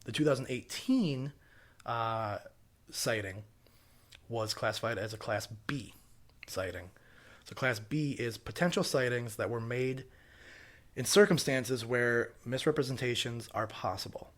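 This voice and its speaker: Rambling Wisconsin podcast host. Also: male voice, medium pitch, measured pace. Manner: relaxed, rambling with many fillers. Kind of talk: casual podcast chat.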